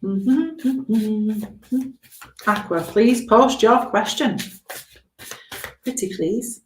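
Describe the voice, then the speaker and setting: A woman's voice: medium pitch, extremely slow, echoey room, a little hiss or hum, rough recording. A woman giving chatty, reassuring tarot readings on a live stream, often checking in with okay. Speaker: tarot reader.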